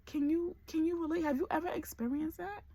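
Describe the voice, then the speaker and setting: A woman's voice: very high voice, steady tone, brisk, mellow, no room sound. A woman in her forties talking candidly to camera in a personal vlog, emotional and close to tears. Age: 40s. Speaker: vlogger.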